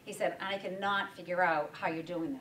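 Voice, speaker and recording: A woman's voice: fairly low pitch, steady tone, moderate pace, fairly bright tone. A woman who owns a bakery, speaking at a breakfast event and animatedly acting out quoted dialogue while telling stories. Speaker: bakery owner and guest speaker. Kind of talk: storytelling talk with audience questions. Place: meeting room at a breakfast event. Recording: roomy sound from a distance.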